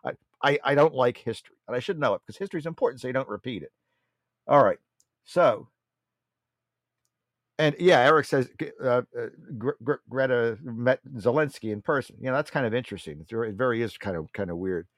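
A man's voice: mid-range voice, lively intonation, fairly quick, dry recording, studio quality. A man hosting a political talk show, delivering a blunt, mocking monologue and often calling his listeners folks.

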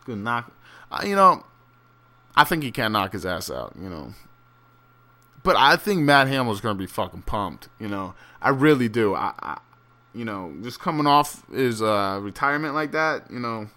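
A man's voice: medium pitch, sing-song, moderate pace, pushed and bright. A man rambling through a casual, profane solo monologue with many fillers and restarts, turning incredulous and ranting at times. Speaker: solo fight commentator.

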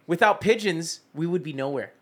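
A man's voice: on the high side, expressive, normal speed. A man earnestly offering theories in a casual group chat.

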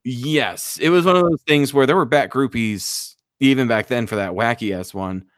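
A man's voice: medium pitch, normal speed, dry recording. A man co-hosting a casual podcast, recounting wild anecdotes with loose, profane energy and sudden emphasis. His voice sits mid-range, and the recording is dry with no room sound. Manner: profane, animated storyteller. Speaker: podcast co-host. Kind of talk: casual chat, storytelling.

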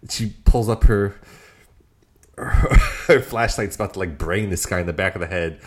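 A man's voice: low voice, moderate pace. A man chatting casually about a comic book, enthusiastically retelling scenes and laughing along.

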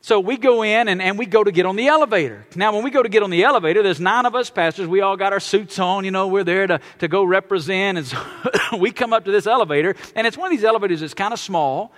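A male pastor preaching a sermon to a church congregation as an animated storyteller with self-mocking humor. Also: sits high, quick pace.

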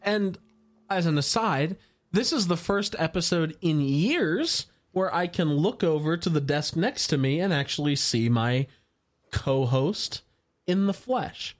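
Podcast co-host, wry and expressive, very animated pitch. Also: unhurried. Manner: wry, expressive, joking asides. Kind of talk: casual podcast review chat.

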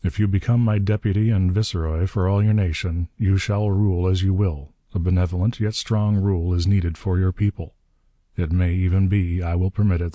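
Brief: man reading as elderly mastermind, mild and smooth-talking, low pitch, dry close sound. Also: no room sound. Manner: gentle, soft-spoken, suave. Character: elderly benevolent-seeming male villain mastermind.

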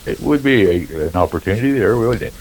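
A low-voiced man with a husky edge, chatting as a podcast co-host. He is easygoing and mostly chimes in with short, agreeable replies. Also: lively intonation, a little fast, a little mellow. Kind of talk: casual podcast chat.

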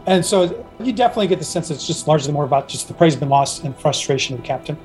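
A man with a high-pitched voice narrates a tabletop pirate game as game master, rambling loosely and circling back on his words. Faint music plays underneath. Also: expressive, rapid-fire, a little mellow, low-quality recording. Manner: rambling, full of fillers and restarts.

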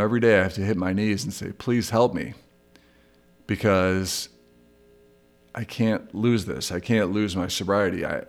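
A middle-aged man hosting a solo podcast, talking candidly and reflectively about his own struggles. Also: sits low. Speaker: podcast host. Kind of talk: solo recovery podcast monologue.

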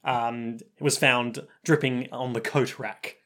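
A man's voice: medium pitch, fairly even intonation, a bit bright. A man co-hosting a podcast, casually recapping an anime episode and acting out the characters' lines. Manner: breezy recapping, quick asides, acts out characters' lines. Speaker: podcast co-host.

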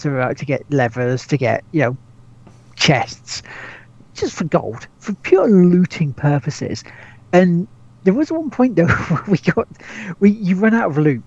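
A man's voice: a little high, creaky, a little mellow, husky, muffled recording. A man co-hosting a gaming podcast, rambling casually, stumbling over repeated words and swearing freely. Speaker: podcast co-host.

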